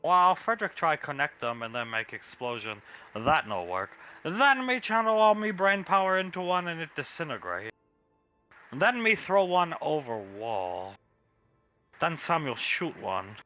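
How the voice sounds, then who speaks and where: A man's voice: fairly high pitch, big pitch swings, unhurried, bright, forceful tone, faint music behind, heavily acted. Man doing a brutish dim-witted creature. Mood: gruff. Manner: caveman-style broken grammar, gruff. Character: brutish dim-witted male creature speaking broken talk.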